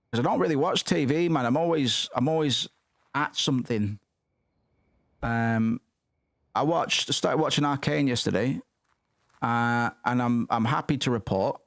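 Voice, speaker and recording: Casting: young man, rambling sweary gamer, dry close mic, mid pitch. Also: fairly bright tone, no echo. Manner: sweary, rambling, muttering asides. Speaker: gaming streamer. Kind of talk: casual gameplay commentary.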